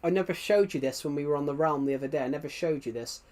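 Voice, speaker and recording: A man's voice: on the high side, fast talker, darkish tone. A British man chatting casually on a game stream, rambling and repeating himself, his mic set a bit away behind a laptop. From Britain. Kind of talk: casual gaming stream chat.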